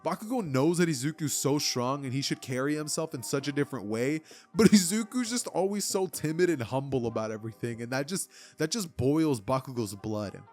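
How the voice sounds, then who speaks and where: A man's voice: medium pitch, lively intonation, a little fast, darkish tone, faint music behind. A young man casually telling a fan-fiction story in a rambling, chatty way. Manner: rambling, filler-heavy, chatty. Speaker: channel host narrator.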